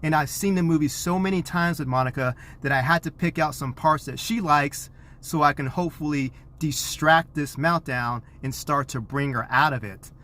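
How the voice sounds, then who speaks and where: A man, a parent, earnestly telling a personal story to camera, animated and acting out what was said. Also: a little high. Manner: earnest, animated retelling with acted quotes; self-described introvert.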